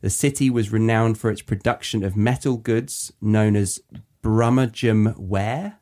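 A woman hosts the talk in a low, mellow voice. She asks curious questions and now and then reads notes aloud, keeping it casual. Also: steady tone, moderate pace. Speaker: podcast host. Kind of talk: casual chat.

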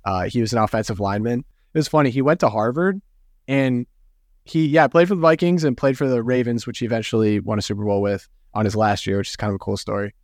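A man's voice: mid-range voice, fast, darkish tone, dry recording, clean studio sound. Young man hosting a casual podcast. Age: young adult. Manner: loose, joking, with fillers. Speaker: podcast host.

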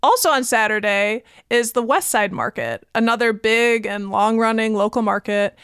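Woman host, bubbly, higher voice, smooth and clear, dry close sound. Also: expressive, moderate pace, a bit bright, dry recording. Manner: bubbly, gushing. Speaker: podcast host. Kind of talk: casual chat.

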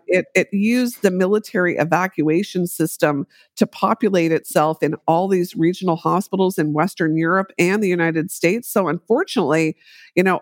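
A middle-aged woman, an epidemiologist, telling her story in a podcast interview with animated delivery and acted-out quotes. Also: fairly low pitch, no room sound, studio quality. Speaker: guest, infectious disease epidemiologist.

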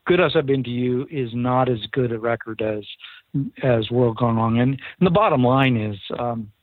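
A man's voice: mid-range voice, normal speed, dry recording. Man telling a story over a tinny phone line. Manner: earnest storyteller who acts out quoted dialogue. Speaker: recording engineer guest. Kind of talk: storytelling in an interview.

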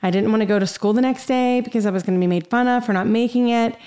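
A woman's voice: a little high, fast, dark tone. A young woman hosting a podcast, telling a personal story in an upbeat, chatty way with many fillers. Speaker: podcast host.

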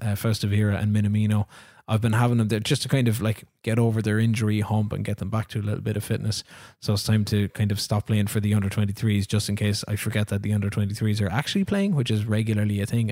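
A man's voice: fairly low pitch, a little mellow, no echo, clean studio sound. A man, co-hosting a casual podcast, rambling through stories with frequent laughs. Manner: rambling storyteller, laughs often, acts out dialogue. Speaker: podcast co-host. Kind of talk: casual chat about a football video game.

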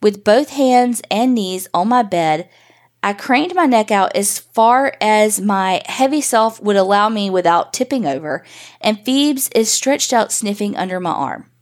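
A woman podcast host reading a first-person paranormal story in a casual, profane, animated way. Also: medium pitch, measured pace.

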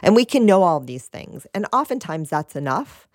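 A woman giving a gentle spiritual talk, repeating phrases and asking "right?", with a soft laugh now and then. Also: on the low side, sing-song, moderate pace, no room sound, studio quality.

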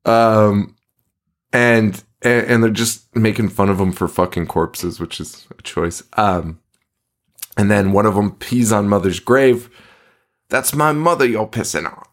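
A man's voice: lowish voice, unhurried. A man co-hosting a podcast in casual chat about a movie, swearing often and laughing a lot. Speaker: podcast co-host.

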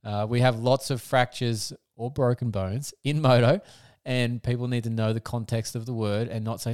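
A man's voice: medium pitch, steady tone, moderate pace, darkish tone, clear, resonant tone, dry recording, clean studio sound. An Australian man hosting a motorsport podcast, blunt and casual, laughing often and swearing freely. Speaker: podcast host.

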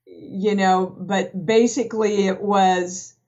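A frank woman speaks at a middle pitch, telling stories from her own life in a relaxed film chat. The audio is dull and slightly lo-fi, and her way of talking is plain and unguarded. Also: slow. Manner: candid, frank storyteller. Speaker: guest actress. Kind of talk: casual film discussion.

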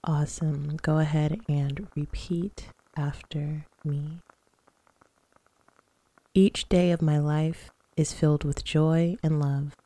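A woman with a low, mellow voice leads listeners through guided affirmations. She talks slowly and calmly, with a soothing, steady manner. The recording is dry and close. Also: dry recording. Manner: slow, calm, soothing guidance. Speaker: podcast host.

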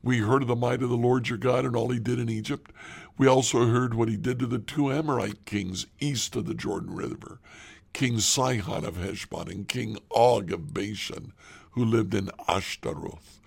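A man reading aloud the pleading words of weary male envoys who call themselves servants, in a gravelly voice. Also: medium pitch, moderate pace.

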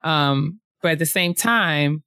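A woman co-hosting a casual book discussion podcast, talking haltingly with many restarts and frequent laughter. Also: low voice, fairly bright tone, clear, resonant tone, no echo, clean studio sound. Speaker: book club co-host.

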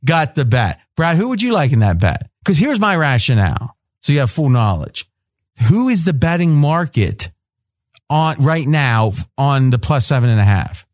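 A man's voice: a little high, very animated, no room sound, studio quality. Pushy, quizzing male sports host. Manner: pushy, rapid-fire questioning, interrupts. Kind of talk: sports betting roundtable chat.

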